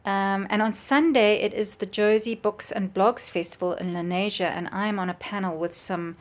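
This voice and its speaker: A woman's voice: mid-range voice, fairly even intonation, moderate pace. A middle-aged woman, chatting casually and enthusiastically with lots of ums. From South Africa. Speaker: book vlogger and author. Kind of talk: casual chat.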